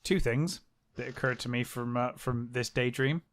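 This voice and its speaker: A man's voice: mid-range voice, moderate pace. A man co-hosting a book podcast, chatting casually and making wry jokes about the characters. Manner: wry and joking, often laughing, quips about the characters. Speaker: podcast co-host.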